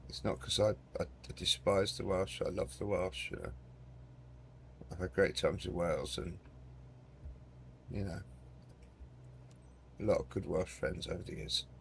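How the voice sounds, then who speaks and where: Brief: male gaming host, chatty and rambling, a creaky voice with faint background noise. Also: low voice, little pitch movement, a little slow, long pauses. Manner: chatty and rambling, lots of "mate". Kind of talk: casual gameplay commentary.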